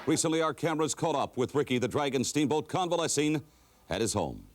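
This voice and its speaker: A man reading a scripted news update in a formal, measured way. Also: fairly high pitch, sing-song.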